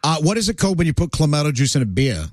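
A man's voice: on the high side, sing-song, racing, no room sound. Chatty radio host man, dry studio. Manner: chatty, joking, many fillers. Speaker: radio talk show host. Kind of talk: casual radio talk. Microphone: studio mic.

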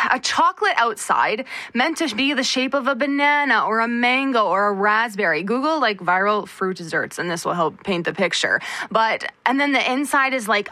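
A woman's voice: fairly high pitch, animated, moderate pace, few pauses, sharp tone, no echo. A woman co-hosting a radio show, chatting with many fillers and a note of mock disgust. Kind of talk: casual on-air chat.

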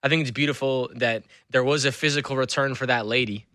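A man's voice: mid-range voice, fast, no echo, clean studio sound. A man who is an author and school speaker, telling stories animatedly as an interview guest. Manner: animated storyteller. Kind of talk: conversational interview.

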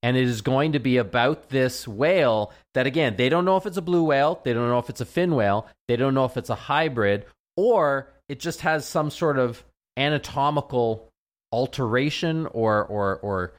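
A man's voice: mid-range voice, lively intonation, normal speed. A man, a veterinarian, chatting casually on a radio show, rambling and often repeating his words. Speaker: veterinarian guest.

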